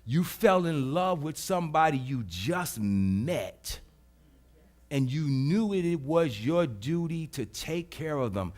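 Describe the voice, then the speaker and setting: A man preaching a sermon as pastor, swinging from hushed, soft lines to loud, emphatic repetition. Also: on the high side, lively intonation, slow. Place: church.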